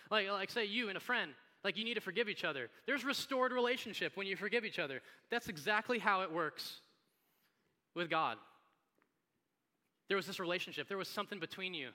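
A man, a pastor, preaching a sermon in a conversational, animated storytelling manner. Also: high-pitched. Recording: long hall reverb.

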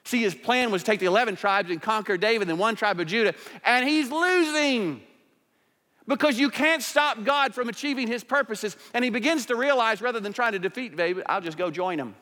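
A fairly high-voiced man preaches a sermon, pressing his points with rising emphasis and then dropping into quieter asides. His voice carries the long reverb of a large hall. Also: quick pace, few pauses. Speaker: pastor.

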